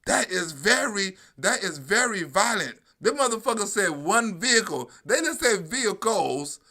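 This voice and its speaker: A man's voice: sits high, big pitch swings, normal speed, pushed and bright. A middle-aged man from New York giving profane, mocking live-stream commentary on news clips, laughing and swearing constantly.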